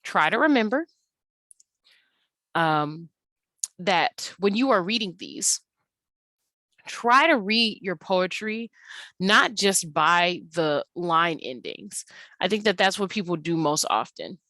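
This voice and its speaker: A young adult woman teacher talking through a recorded slide lesson at an unhurried pace, with many ums and uhs. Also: fairly low pitch, lively intonation, bright, forceful tone, no room sound.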